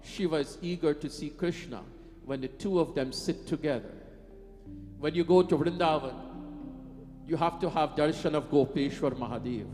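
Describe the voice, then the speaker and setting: A man's voice: a little high, a little mellow, big-room sound. A man preaching an emphatic devotional sermon, breaking into sung devotional lines. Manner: emphatic, sings devotional lines between speech. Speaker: katha preacher. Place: temple hall.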